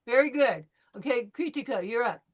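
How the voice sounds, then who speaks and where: A woman's voice: a little high, expressive. Patient woman teacher leading pronunciation drills. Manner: patient, encouraging, calls on students by name; models sounds slowly and repeats them. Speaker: French teacher. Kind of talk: pronunciation drill in a live class.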